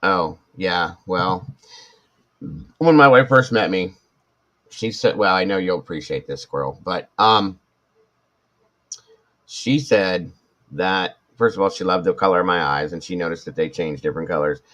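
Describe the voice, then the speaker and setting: A man's voice: sits low, a little slow, pauses often, fairly bright tone. A man in his forties hosting a live stream, chatting casually and rambling with self-mocking asides while he reads viewer comments. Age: 40s.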